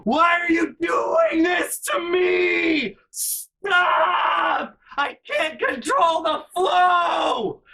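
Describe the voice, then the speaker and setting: A man's voice: very slow, gravelly, few pauses, bright, forceful tone, raised voice, recorded from a distance, soft background music, exaggerated voice. Man putting on a shrieking, sobbing old grandma. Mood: wailing. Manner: wailing, high-pitched shrieks. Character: elderly grandmother, crying and shrieking in despair.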